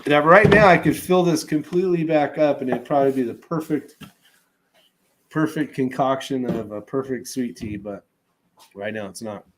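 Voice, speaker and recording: Male livestream host, relaxed and rambling, mid pitch, casual chat delivery. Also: moderate pace, a little hiss or hum.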